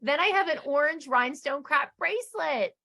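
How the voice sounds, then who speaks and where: A woman's voice: high-pitched, moderate pace, vocal fry, a crowd in the background. A middle-aged woman co-hosting a podcast, chatting casually and acting out quotes as she recaps. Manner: animated storyteller, acts out quotes. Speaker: podcast co-host.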